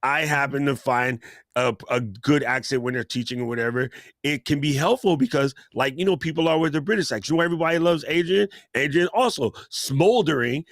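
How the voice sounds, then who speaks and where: A man's voice: a little high, a little fast, fairly bright tone, no echo, clean studio sound. A man chatting casually on a live stream, joking and laughing often as he talks about teaching and being yourself. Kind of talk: casual chat.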